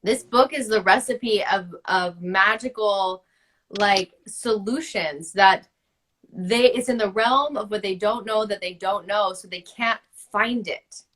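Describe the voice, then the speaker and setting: A woman's voice: mid-range voice, slow pace, fairly bright tone, slight background noise. A woman in her thirties coaching a guest over a video call, passionate and emphatic, with lots of "like". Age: 30s. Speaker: host, book-writing coach. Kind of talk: spiritual coaching conversation.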